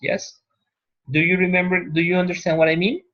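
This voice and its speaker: In a dull, lo-fi classroom recording, a Spanish-speaking male teacher lectures his class in a high voice with little pitch movement. His pace is relaxed, broken by pauses and regular checks of "right?".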